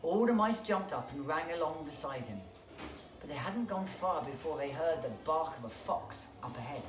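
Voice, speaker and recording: A school reader telling a bedtime picture-book story with expressive, animated delivery. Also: mid-range voice, normal speed, faint music behind. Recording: echoey room, distant mic, background noise.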